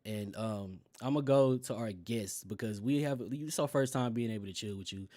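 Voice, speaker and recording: A man's voice: on the low side, normal speed, mellow, no room sound. A man hosting a casual gaming podcast over an online call who jokes and laughs often. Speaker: podcast host. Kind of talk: casual chat.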